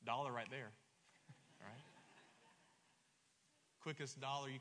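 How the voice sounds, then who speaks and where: A middle-aged man preaching a sermon, emphatic and stumbling over repeated words, swinging between loud and soft. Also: mid-range voice, fairly even intonation, takes it slowly, a little hiss or hum. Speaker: pastor. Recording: long hall reverb.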